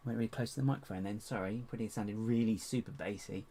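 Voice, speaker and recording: A man's voice: fairly low pitch, fast talker, hardly any pauses. A man chatting casually on a live stream while he builds, muttering to himself as he hunts for parts and poking fun at himself. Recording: steady background hiss with clicks.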